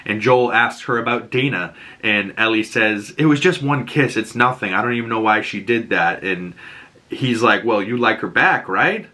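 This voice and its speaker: A man's voice: steady tone, moderate pace, bright, forceful tone. A man with a Boston accent giving an emotional, swearing, casual recap of a TV episode, acting out the quotes. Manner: emotional, swears, acts out quotes with rising pitch. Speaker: TV show reviewer.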